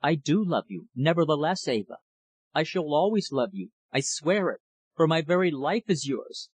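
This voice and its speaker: A man voicing an ardent young gentleman in a storybook reading, earnest and impassioned. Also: a little high, sing-song, moderate pace, slightly rough, no room sound. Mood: desperate. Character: ardent young gentleman declaring his love.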